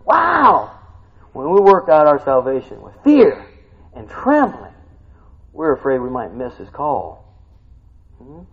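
A middle-aged male pastor preaching a sermon, tired, animated, swinging from quiet talk to shouting. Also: mid-range voice, unhurried, long pauses, husky. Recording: dull lo-fi recording.

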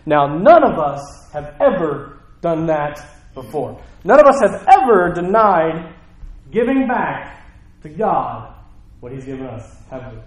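A man with a Southern US accent preaching a sermon in a conversational, animated way. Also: fairly high pitch, measured pace, roomy sound. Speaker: pastor.

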